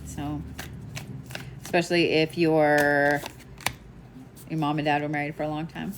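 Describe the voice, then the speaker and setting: A woman with a fairly low voice gives live psychic readings in a loose, chatty way. She laughs easily and drops the odd swear word. A faint hiss sits under the recording. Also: little pitch movement, unhurried. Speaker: psychic medium.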